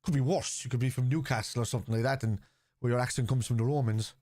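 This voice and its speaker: A man's voice: medium pitch, steady tone, quick pace, a little mellow, dry recording. A man hosting a live football watchalong, chatting casually and answering viewers' comments.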